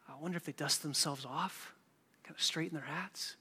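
A man preaching in a church sanctuary, with a bright, forceful voice pitched a little high. He moves between hushed storytelling and loud, emphatic preaching. A long hall reverb trails each phrase. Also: moderate pace, slightly rough. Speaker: pastor. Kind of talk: sermon.

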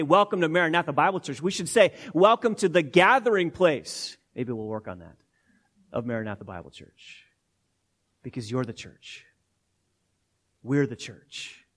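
A man's voice: on the high side, expressive, moderate pace. A man preaching an expository sermon as pastor, teaching emphatically word by word with frequent repetitions.

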